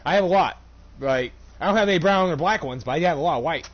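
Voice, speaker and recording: A man's voice: on the high side, animated, fast talker, lo-fi sound. A young man, a store cashier, casually telling a heated, profane story with laughs while gaming.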